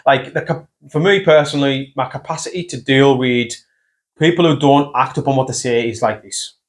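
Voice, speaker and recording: A man, hosting a casual podcast chat, blunt and quick to swear. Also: medium pitch. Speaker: podcast host. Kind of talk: casual conversation.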